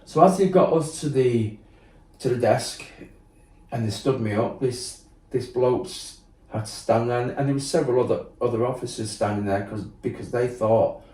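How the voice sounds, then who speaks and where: As a podcast guest, a man tells his story candidly, bluntly and with swearing, filling it with fillers and acting out what others said. His voice is medium in pitch, a little mellow, at a normal speed. The sound is roomy, with the mic set at a distance.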